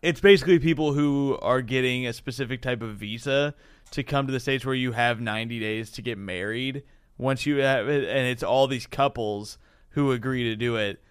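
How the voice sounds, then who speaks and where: A man's voice: medium pitch, normal speed, clean tone, dry recording, clean studio sound. A man in casual podcast chat, retelling stories with laughter and swearing. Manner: animated storyteller, swears and laughs while retelling.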